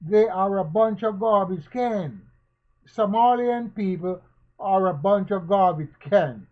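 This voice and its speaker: The audio is muffled and lo-fi, carrying a commentator's fairly high male voice as he talks about society. He takes his time, preaching with emphasis, firing off question after rhetorical question and circling back to the same phrases.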